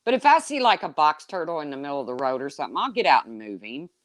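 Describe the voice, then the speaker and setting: Lively woman telling stories. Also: quick pace, no room sound. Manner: lively, swearing, jumps between high exclaims and low asides. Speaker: storyteller. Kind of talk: casual chat.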